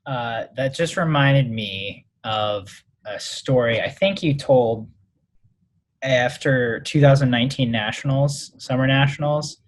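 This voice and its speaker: A man hosting a podcast, asking relaxed questions with some hesitation. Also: medium pitch, slow. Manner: relaxed, hesitant, with fillers and restarts. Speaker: podcast host. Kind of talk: interview questions.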